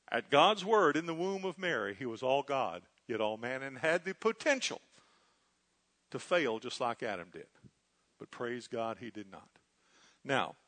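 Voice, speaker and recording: A man preaching a sermon, earnestly teaching and often checking that his listeners follow, swinging between loud emphasis and quiet asides. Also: fairly high pitch.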